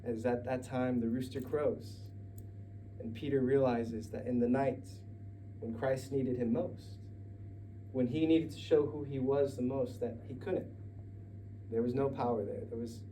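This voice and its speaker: A man's voice: mid-range voice, fairly even intonation, unhurried, mellow, distant mic, a little hiss or hum, rough recording. A Mexican American man telling a story at a live story night in a conversational, digressive way, with laughing asides. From United States.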